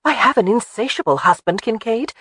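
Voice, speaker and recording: A narrator voicing a spirited young bride. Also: male voice, extremely high pitch, animated, a little fast, pushed and bright, slightly rough, dry recording, studio quality, voice pushed up, exaggerated voice.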